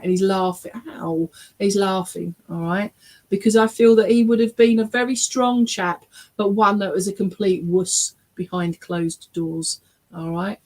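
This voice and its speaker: A woman's voice: mid-range voice, rough recording. A woman working as a spiritualist medium, giving a reading in an online church service, chatty and often checking in with listeners. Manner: chatty and warm, often checking in with "all right?" and "okay?"; laughs often while talking.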